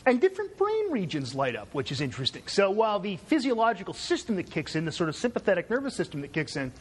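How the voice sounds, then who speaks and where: A man's voice: high voice, wildly swooping pitch, fast talker, husky. A man from Canada giving a conversational university lecture, digressive and checking in with "right?".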